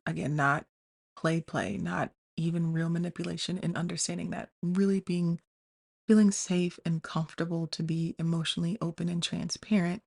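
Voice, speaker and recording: A woman hosting a podcast, thinking out loud in a candid, confessional way and often restarting her sentences. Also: lowish voice, steady tone, moderate pace, vocal fry, slightly rough. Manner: confessional, self-questioning, many restarts; addresses listeners as "y'all". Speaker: podcast host. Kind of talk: candid personal monologue.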